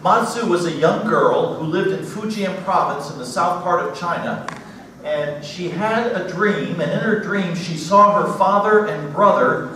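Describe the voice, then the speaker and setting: A man's voice: high-pitched, unhurried. Genial man in an echoey church hall. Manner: genial, chuckles at his own stories. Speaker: missionary speaker. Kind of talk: church slide talk. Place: church sanctuary. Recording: echoey hall, distant mic, faint hiss.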